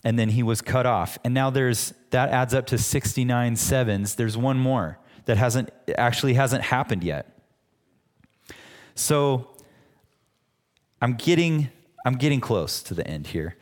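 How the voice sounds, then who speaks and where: A man's voice: mid-range voice, a little slow. A man preaching a sermon as pastor, teaching in a conversational way with frequent restarts. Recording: long hall reverb.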